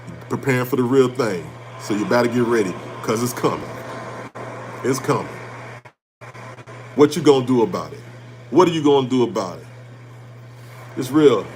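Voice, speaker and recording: A man hosting an animated motivational talk on finance, blunt and preachy, repeating his points and swearing casually. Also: on the high side, slight background noise. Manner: preachy and emphatic, repeating lines for effect. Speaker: host.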